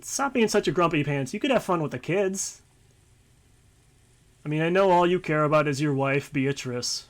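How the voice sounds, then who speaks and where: A man's voice: on the high side, animated, moderate pace. A man streaming a visual novel, reading narration aloud and rambling casually with light swearing. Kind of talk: let's-play commentary and reading aloud.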